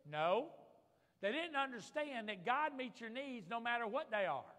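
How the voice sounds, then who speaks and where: A man's voice: very high-pitched, big pitch swings, measured pace, sharp tone. A man preaching a sermon as pastor, fervent, calling out for amens from the congregation. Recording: long reverb of a large hall.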